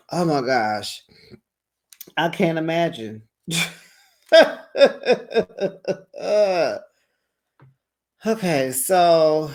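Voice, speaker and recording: Sassy, chatty recap host with a medium-pitched voice, dishing on reality TV in a casual tone. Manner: animated and sassy, quotes cast members; colloquial, says "child" and "honey".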